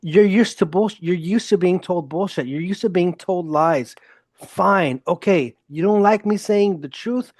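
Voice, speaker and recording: A male podcast host speaking in a blunt, emphatic monologue with a fairly high voice. The sound is close and dry, with no room around it. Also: measured pace, no echo. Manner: blunt, emphatic, openly profane. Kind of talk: casual solo podcast monologue.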